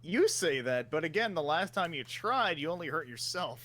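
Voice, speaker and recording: A man's voice: fairly high pitch, sing-song, moderate pace, bright, forceful tone. A man co-hosting a game stream, trading dry, teasing banter with the host. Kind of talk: casual stream chat.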